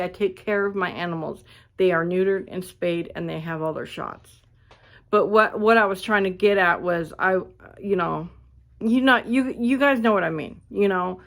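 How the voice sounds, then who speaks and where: A woman ranting casually to her viewers, blunt and animated, swearing freely, recorded on a phone indoors at a friend's house. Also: mid-range voice. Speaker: vlogger.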